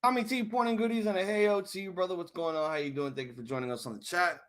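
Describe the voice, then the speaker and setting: A man hosting a live wrestling reaction stream, ranting angrily and swearing, swinging from muttering to shouting. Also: fairly high pitch, quick pace, hardly any pauses. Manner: angry, profane ranting.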